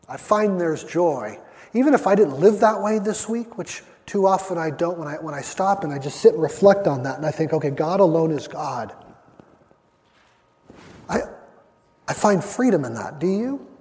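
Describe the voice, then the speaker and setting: A man's voice: on the high side, animated, normal speed, pauses often, darkish tone. A man preaching a sermon, emphatic, drawing out his phrases and often repeating words as he builds a point. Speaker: pastor. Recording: long hall reverb.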